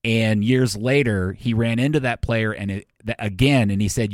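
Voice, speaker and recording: A man's voice: on the low side, normal speed, hardly any pauses, no echo, studio quality. A man co-hosting a sports talk show, telling stories in a joking, self-mocking way. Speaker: sports radio co-host. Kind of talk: casual sports talk chat.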